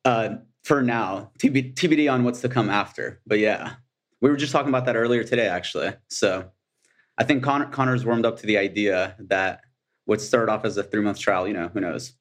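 A man speaks as a guest in a casual podcast interview over a video call. He talks fast in an offhand, rambling way. His voice sits a bit low.

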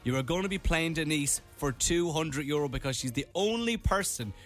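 An Irish man co-hosts a radio show, chatting casually and reading out items with playful commentary. His voice is a little high and expressive, at a normal speed, with faint music in the background.

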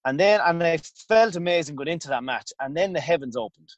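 A man's voice: a little high, animated, brisk, muffled recording, a crowd in the background. A man with an Irish accent, a former goalkeeper, telling long anecdotes in a casual interview with many restarts. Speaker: former hurling goalkeeper guest.

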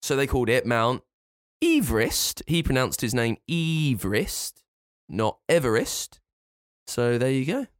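A man's voice: mid-range voice, moderate pace, no room sound, clean studio sound. A man co-hosting a podcast, teasing and bantering in casual chat. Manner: animated, teasing. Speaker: podcast co-host.

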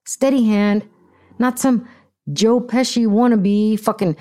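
A woman's voice: fairly high pitch, steady tone, slow, mellow. An American woman hosting a podcast with blunt, profane, ranting casual commentary. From United States. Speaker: podcast host.

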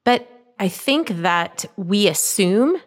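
A woman's voice: mid-range voice, expressive, slow. A woman hosting a podcast interview, asking thoughtful, searching questions. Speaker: podcast host.

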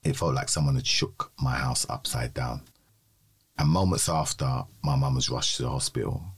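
A man with a strikingly deep voice and a husky, breathy edge. He co-hosts a podcast, telling his story in a measured, steady way. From London. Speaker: podcast co-host. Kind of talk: personal testimony in a podcast conversation.

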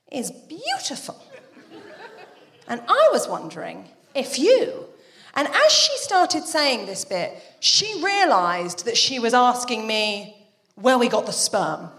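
A woman's voice: sits high, fairly bright tone, big-room sound. A British woman in her thirties performing a live, chatty stand-up routine and breaking into character voices. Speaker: stand-up comedian.

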